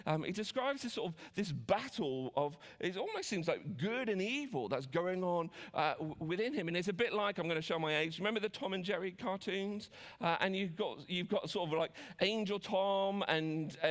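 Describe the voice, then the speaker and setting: A man's voice: sits high, a bit bright, long reverb tail. A man with an English accent preaching a sermon in a chatty way, with frequent restarts and asides.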